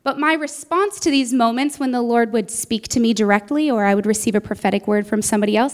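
Earnest woman preacher with a high voice, telling her own story from the pulpit. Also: fast talker, hardly any pauses. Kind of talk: sermon.

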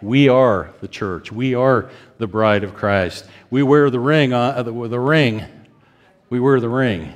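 Male preacher, fifties, emotive, pitch climbs when stirred, soft prayerful asides, long reverb. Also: measured pace. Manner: acts out prayers of repentance. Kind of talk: sermon.

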